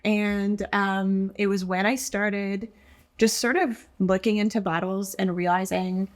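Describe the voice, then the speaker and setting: A woman's voice: mid-range voice, level tone, a little slow. A woman guest on a casual podcast, talking earnestly and reflectively about her job, with frequent ums. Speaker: guest, front-of-house server and wine learner.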